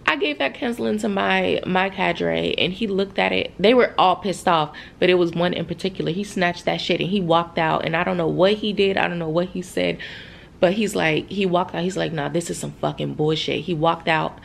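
A woman's voice: fairly low pitch, moderate pace, vocal fry, slight background noise. A woman in her thirties, a soldier, telling an emotional story straight to her viewers, frank and profane and close to tears. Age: 30s. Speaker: soldier and vlogger. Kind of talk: candid storytime vlog.

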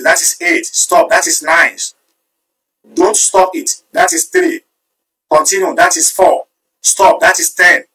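Animated man live-streaming. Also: high-pitched, recorded from a distance, rough recording. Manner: animated, switching between Yoruba and English, counting votes aloud. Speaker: livestream host. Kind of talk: live-streamed commentary, reading and counting viewer comments.

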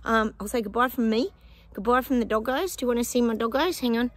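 A chatty woman with a slightly high voice talks to her viewers from her backyard. She rambles from thought to thought and sometimes breaks into bits of song. She films on a handheld phone outdoors. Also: fast, no echo. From Australia. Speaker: psychic vlogger. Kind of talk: casual chat to viewers.

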